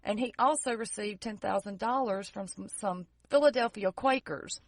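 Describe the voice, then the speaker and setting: A woman's voice: mid-range voice, normal speed, no echo. A woman in an easygoing podcast chat, walking through history from her notes and breaking off for sarcastic jokes. Her voice sits mid-range, recorded dry and close with no room sound. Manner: narrates history from notes with joking, sarcastic asides. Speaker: podcast co-host.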